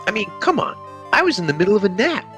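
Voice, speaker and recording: A man's voice: high voice, very animated, quick pace, music in the background. A man voicing a laid-back young surfer dude with a drawling, slangy, evasive manner, fan voice acting a game.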